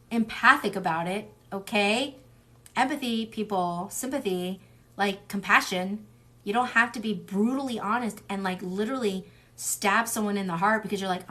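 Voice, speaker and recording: A young woman gives a casual tarot reading in a loose, rambling way and often goes off on tangents. She is blunt and salty and swears without a second thought. Her talk is packed with "like" and "um." Her voice sits at an ordinary pitch for a woman. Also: fairly bright tone, slight background noise. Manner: chatty, wanders off on tangents; fills with "like" and "um". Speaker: tarot reader.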